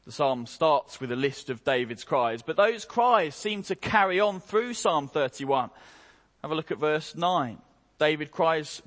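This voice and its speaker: Slow emphatic male preacher in a reverberant hall. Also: on the high side, expressive. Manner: slow, emphatic delivery with dramatic rises and quiet drops. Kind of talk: sermon. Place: church hall.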